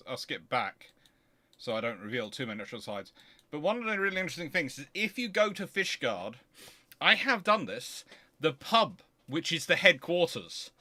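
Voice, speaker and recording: A man hosting a history livestream, chatting casually in an excitable, rambling way with frequent restarts. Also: fairly high pitch, no echo, clean studio sound.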